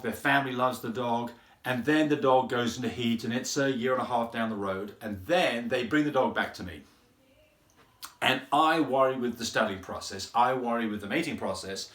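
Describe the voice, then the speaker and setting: A man's voice: mid-range voice, a bit bright. A man who breeds French Bulldogs, explaining things in a casual, rambling way and often repeating words as he thinks. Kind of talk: casual explanatory talk to camera. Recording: roomy echo.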